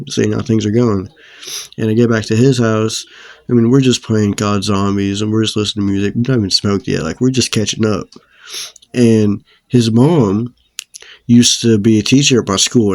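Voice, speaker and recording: A man's voice: on the low side, a little mellow, dry recording, clean studio sound. A young man telling a story in a casual, slangy, profane way. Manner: laid-back, slangy and profane. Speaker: storyteller vlogger.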